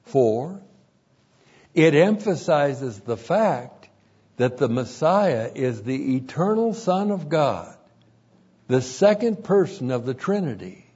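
A man delivers an expository sermon at an unhurried, measured pace, repeating each point for weight. His voice is slightly husky and swings widely in pitch, and the recording sounds muffled and lo-fi. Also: big pitch swings, darkish tone. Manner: slow, deliberate, repeats each point for emphasis. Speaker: preacher.

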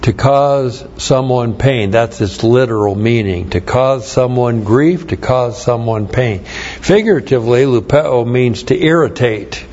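A man teaches scripture from the pulpit at an unhurried, deliberate pace, spelling out Greek words letter by letter and repeating key phrases. His voice sits in an ordinary middle register. The sound is dull and lo-fi, like an old church recording. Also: mid-range voice, darkish tone. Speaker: pastor. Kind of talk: verse-by-verse Bible teaching.

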